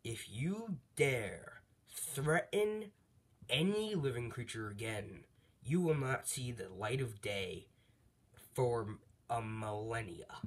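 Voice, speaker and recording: A man voicing an almighty god who issues slow, solemn decrees in a retold fan story. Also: mid-range voice, animated. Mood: commanding.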